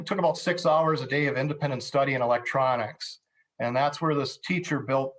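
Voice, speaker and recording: A man with a Minnesota accent, a company president telling stories in a relaxed, folksy way as an interview guest. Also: mid-range voice. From Minnesota, USA. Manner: relaxed storyteller, folksy, joking asides. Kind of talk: casual conversational interview.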